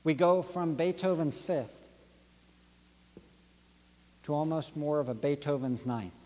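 A pastor delivering a sermon with rhythmic, dynamic preaching that swings from near-whisper drops to rising emphatic peaks. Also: male voice, on the high side, takes it slowly, a little mellow, long reverb tail. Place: church sanctuary.

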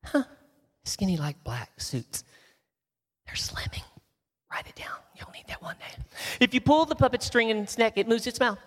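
Texan man guest speaker, husky, storytelling that drops into whispers, long hall echo. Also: very high voice, moderate pace. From Texas. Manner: shifts from lively storytelling to soft emotional whispers. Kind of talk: inspirational storytelling talk.

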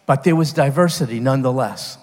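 A man's voice: medium pitch, a little fast, long reverb tail. A man preaching a sermon, earnest and emphatic, stopping and restarting as he builds his points. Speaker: pastor.

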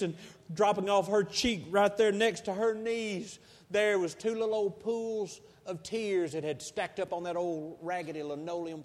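A preacher from Texas tells a folksy story from the pulpit. His man's voice sits notably high, and the telling grows fervent and intense. A long reverb trails each phrase, as in a big hall. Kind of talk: storytelling sermon.

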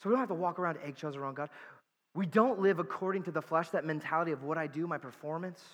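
A man preaching a sermon with a high, ringing voice that carries a long hall echo. He is earnest and emphatic, leaning on repeated words, and he breaks in with casual, conversational asides. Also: fast. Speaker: pastor.

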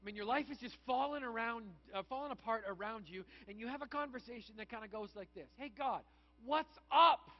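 A man with a high, light voice preaches a conversational sermon and slips into acted asides. The recording sounds dull and lo-fi. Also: quick pace, hardly any pauses. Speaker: pastor.

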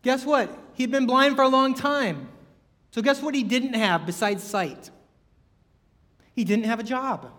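A man's voice: extremely high pitch, a little slow, pauses often, fairly bright tone, in a large hall. A man preaching a sermon in a conversational way, full of rhetorical questions and acted-out quotes.

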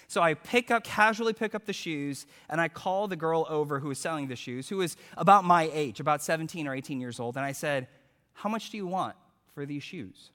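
A male preacher telling a story in a sermon, animated as he acts out quotes, then turning hushed and earnest. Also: on the high side, a little fast, hardly any pauses, clean tone, big-room sound.

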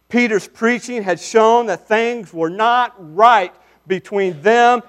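A man preaching a sermon, swinging between hushed asides and forceful, emphatic declarations. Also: high-pitched, takes it slowly, few pauses, clean tone. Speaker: pastor.

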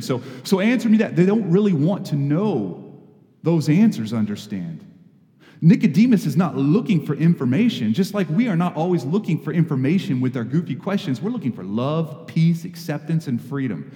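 A man's voice: fairly high pitch, sing-song, normal speed, dark tone, big-room sound. A man preaching a conversational, earnest sermon with sudden emphatic rises. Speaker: pastor.

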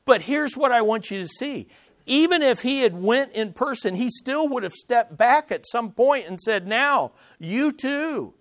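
A man preaches a sermon, his voice pitched notably high for a man. He swells with emphasis and gives the scripture quotes a dramatic reading, the way a pastor does from the pulpit.

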